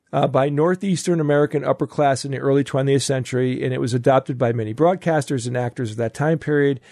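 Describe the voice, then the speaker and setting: A man co-hosting a podcast, chatting casually and reading a listener email aloud in a relaxed, talkative way. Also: mid-range voice, vocal fry, no room sound, studio quality. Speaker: podcast co-host. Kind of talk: casual panel chat.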